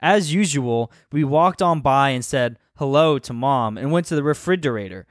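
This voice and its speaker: A man narrating a story aloud on a comedy podcast, animated and laughing, stumbling over names. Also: mid-range voice, moderate pace, no echo, clean studio sound.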